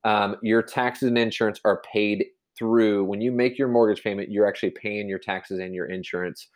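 A man's voice: on the low side, steady tone, normal speed. A man explaining real estate in a casual podcast chat, rambling with many restarts and fillers. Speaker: real estate agent guest.

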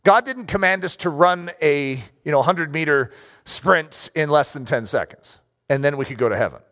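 A man preaching a sermon to a congregation, emphatic and animated, asking rhetorical questions and drawing out key words. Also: a little high, moderate pace. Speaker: pastor.

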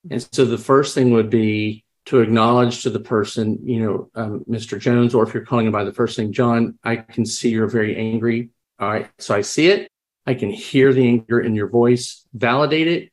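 A man sharing experiences in a reflective, conversational way, often restarting sentences and acting out quoted dialogue. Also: mid-range voice. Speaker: podcast guest, crisis responder. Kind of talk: conversational storytelling.

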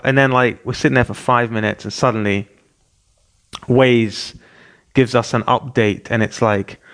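Excitable man in his thirties. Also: medium pitch, normal speed. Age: 30s. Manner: excitable, acts out his own panic. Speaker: podcast host. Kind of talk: casual storytelling monologue.

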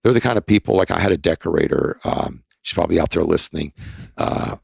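Gravelly older man telling rambling stories. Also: sits low, expressive, fast talker, dry recording. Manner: rambling, anecdotal, emphatic. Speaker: expert guest. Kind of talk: casual storytelling in a podcast interview.

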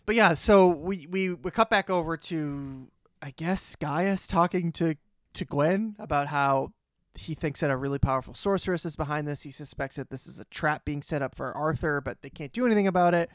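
A man's voice: fairly high pitch, moderate pace, dry recording, clean studio sound. A man co-hosting a podcast, chatting casually and recapping a TV episode, laid-back with lots of ums. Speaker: podcast co-host.

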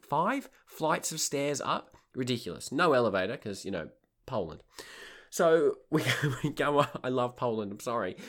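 A man, a tour leader and podcast host, telling a comic anecdote in a wry, exasperated and animated way. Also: on the low side.

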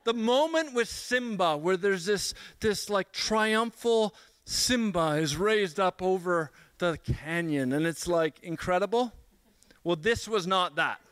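Young male speaker, bright crisp voice, dry close sound, animated storyteller. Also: high-pitched, slow, no echo. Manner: animated storyteller, self-mocking, many restarts. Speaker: speaker at a church gathering. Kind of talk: humorous personal story in a sermon.

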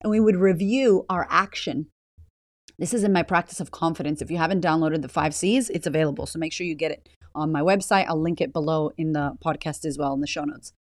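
A woman with a low voice hosts a motivational podcast, speaking briskly. She's blunt, swears freely and fires rhetorical questions at the listener, and the audio is studio quality with no echo.

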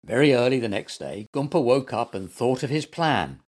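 A man reading a children's story aloud as its storyteller, gentle and expressive. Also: medium pitch, moderate pace, soft background music.

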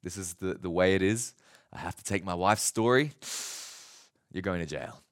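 A man doing a deep grim master. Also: normal speed, no room sound, clean studio sound, close to an everyday voice. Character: stern grim male master, unbending.

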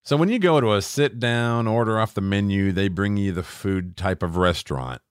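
A man's voice: on the low side, lively intonation, normal speed, clean tone, dry recording, clean studio sound. A middle-aged man co-hosting a podcast, swearing freely as he rants and mimics people in casual chat. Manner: profane, ranting, acts out quoted voices. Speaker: podcast co-host.

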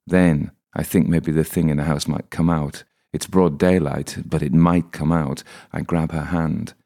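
Very deep, gravelly man to narrate a first-person audiobook with a dry wit. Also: fairly even intonation, moderate pace, a little mellow.

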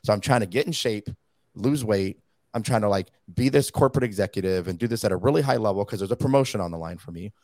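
A man's voice: on the low side, fast talker, darkish tone, no room sound. A man, a podcast guest, talking in a blunt, slangy, emphatic way. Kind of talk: casual podcast talk.

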